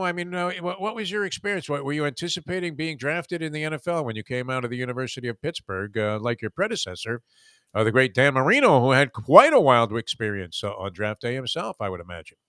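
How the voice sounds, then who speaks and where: Male sports talk host, bright and forceful, joking, rambling, dry close mic. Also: medium pitch, expressive, fast, no echo.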